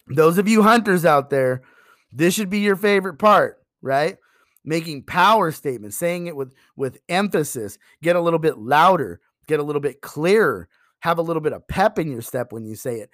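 A man giving a sales training talk, emphatic and animated, acting out pitches to customers. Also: no room sound, clean studio sound.

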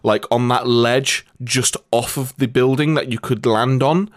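A man telling animated, sweary gaming stories in a loose, casual chat. His voice sits in a mid register. It sounds close and dry, with no room echo. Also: mid-range voice, measured pace. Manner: swears often, animated storytelling.

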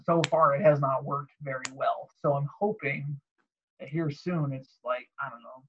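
Male podcast co-host with a husky, lo-fi sound and a lively storytelling manner. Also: moderate pace. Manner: animated storyteller, mimics callers in a high voice. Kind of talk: casual chat.

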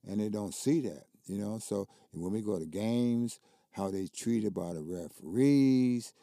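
A man's voice: lowish voice, unhurried, warm tone, dry recording, clean studio sound. An older man, a basketball coach telling stories as a guest in casual, emphatic, colloquial talk. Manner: colloquial, emphatic, repeats words when worked up. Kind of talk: casual conversational storytelling.

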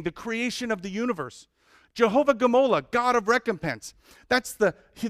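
A male pastor preaching a sermon, listing names of God with lively emphasis and humorous asides. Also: high voice, clean tone, no room sound, studio quality.

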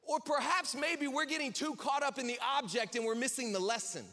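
A pastor preaches in a relaxed, chatty style, throwing jokes to listeners between points. His voice is high and bright, he speaks briskly, and a long hall reverb trails every phrase.

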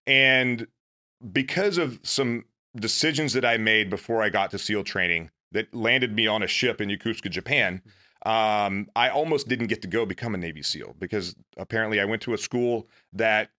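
A man's voice: on the low side, normal speed, sharp tone. A man, a former Navy SEAL, telling his own story in casual, earnest, self-deprecating talk.

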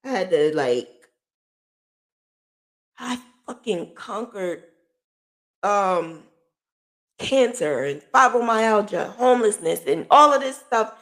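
A woman speaking casually to her viewers, with a middle-pitched voice that is neither high nor low. She is candid and swears freely, and her voice shifts from low and hushed to loud and high with laughter. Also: expressive, slow, long pauses. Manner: emotional, swings from quiet and low to loud and laughing. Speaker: vlogger sharing her own story. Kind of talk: casual personal storytelling.

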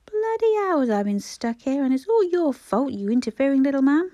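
A woman voicing a grumpy, grizzled older man who talks loud and scornful in a storybook reading. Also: lowish voice, fairly even intonation, moderate pace, creaky, slightly rough, no echo, studio quality. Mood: angry.

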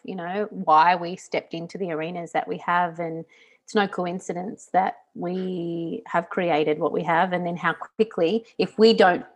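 A woman co-hosting a podcast in casual chat, heartfelt and reflective, often laughing. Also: on the low side. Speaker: podcast co-host.

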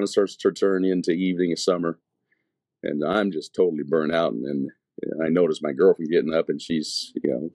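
Middle-aged male evangelist, low voice, rambling testimony in a dry room, full of "you know". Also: mellow, no room sound. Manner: storytelling, acting out past dialogue. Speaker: evangelist telling his testimony. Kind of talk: casual spoken testimony.

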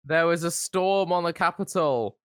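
A young man co-hosting a podcast, chatting sarcastically and now and then breaking into loud whoops. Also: on the high side, normal speed, clear, resonant tone, dry recording, clean studio sound. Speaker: podcast co-host. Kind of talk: casual comedic chat. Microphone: podcast mic.

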